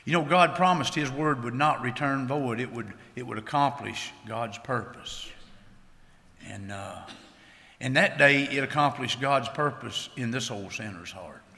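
A man giving an earnest, plain-spoken church testimony, halting now and then. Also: medium pitch, gravelly, sharp tone. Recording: long hall reverb.

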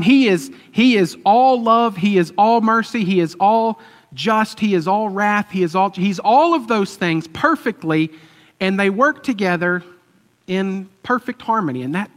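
Chatty preacher with a slightly high voice. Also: male voice, lively intonation, a little slow. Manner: chatty storytelling with fillers and chuckles. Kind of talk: conversational sermon. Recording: long hall reverb.

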